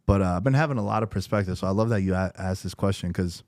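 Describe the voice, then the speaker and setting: A young man with a fairly low voice, chatting as a podcast guest in a dry, close-miked studio sound. He tells his stories with plenty of animation and emphasis. His talk is loose and full of slang. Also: very fast, a little mellow, no room sound. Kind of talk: casual podcast conversation. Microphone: close studio podcast mic.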